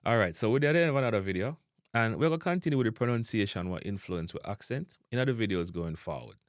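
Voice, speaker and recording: Jamaican man teaching, low and lively. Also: no echo, clean studio sound. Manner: slow, deliberate demonstration of vowel sounds. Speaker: language teacher and channel host. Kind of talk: pronunciation lesson.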